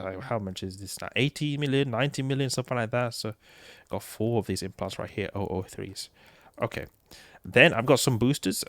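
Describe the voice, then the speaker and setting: A slightly ill man walks through his game setup in a loose, thinking-aloud way, his voice cracking now and then. His voice sits low with a gravelly edge, and the sound is dry and close. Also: no echo. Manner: relaxed, thinking aloud with fillers and restarts. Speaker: gaming channel host. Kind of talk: casual gameplay commentary.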